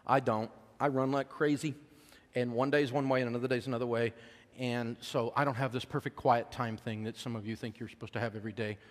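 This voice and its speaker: Middle-aged american guy preaching, folksy, gets loud then goes real soft, mid voice, big hall reverb. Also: medium pitch, fairly even intonation, fast talker. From United States. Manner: folksy, emotional, swings between loud preaching and soft hush. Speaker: speaker on faith and money. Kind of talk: sermon-style storytelling talk.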